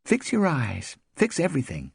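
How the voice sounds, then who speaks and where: A man voicing Tiger, a blunt, teasing woman friend, in a high, pushed voice. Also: wildly swooping pitch, normal speed, vocal fry, breathy edge, no echo, clean studio sound, full character voice. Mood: brassy.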